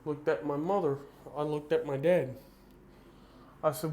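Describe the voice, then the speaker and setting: A man's voice: on the high side, steady tone, a little slow, a little mellow. A man with a Southern US accent telling a personal story in a plain-spoken, earnest, rambling way. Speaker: vlogger. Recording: roomy echo, faint background hum.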